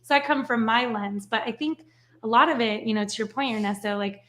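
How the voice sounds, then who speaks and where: A woman's voice: on the high side, brisk. A woman from Switzerland whose first language is French, telling stories in a casual interview, often adding "right?" and "like". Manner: animated storyteller, frequent "right?" and "like". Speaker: podcast guest.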